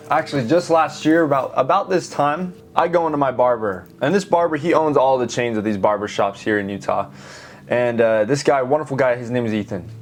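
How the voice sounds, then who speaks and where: Earnest young man telling his story. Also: medium pitch. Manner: emphatic, heartfelt, talks straight to viewers. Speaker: art teacher and YouTuber. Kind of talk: earnest storytelling while drawing.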